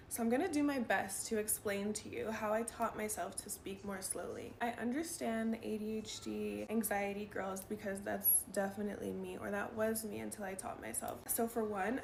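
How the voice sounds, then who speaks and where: Young woman vlogger with a gravelly voice. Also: mid-range voice, slight background noise. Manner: chatty, self-reflective, mimics herself. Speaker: lifestyle vlogger. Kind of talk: casual advice talk. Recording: roomy echo.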